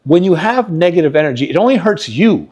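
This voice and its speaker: Lively, expressive man telling stories. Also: fairly high pitch, fairly quick, slightly rough. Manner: earnest motivational storytelling. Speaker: podcast co-host. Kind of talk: casual podcast chat.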